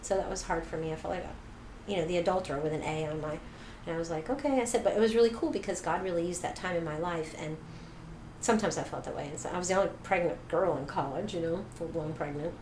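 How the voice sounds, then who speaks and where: A middle-aged woman talks fast as an interview guest telling her story, her pitch jumping up whenever she acts out other people's lines. The room is echoey, with a faint hiss in the background.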